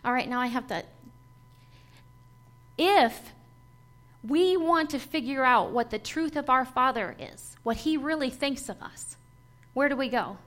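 A woman's voice: high voice, animated, measured pace, pauses often, a bit bright. A woman preaching a sermon to a congregation, emphatic and rhythmic, building points through lists and repetition.

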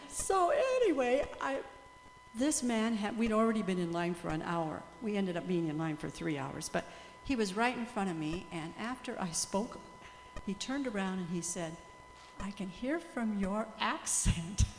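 A woman's voice: medium pitch, moderate pace. Older woman in an echoey hall. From USA or Canada. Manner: animated, laughing storyteller, praising God often. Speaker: missionary speaker. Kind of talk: testimony talk to a church group. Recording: echoey hall with faint hum.

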